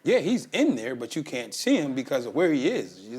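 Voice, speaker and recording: A man's voice: medium pitch, sing-song, fairly quick, a little mellow, breathy edge. A man hosting a podcast interview, who asks questions and explains advice with examples from his own life. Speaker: podcast host. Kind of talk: interview conversation.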